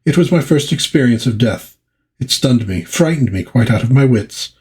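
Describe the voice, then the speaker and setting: A man's voice: mid-range voice, expressive, normal speed, a little mellow, close to an everyday voice. A man doing a genteel French seductress. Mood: storytelling. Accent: put-on French. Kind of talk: dramatic comic book reading.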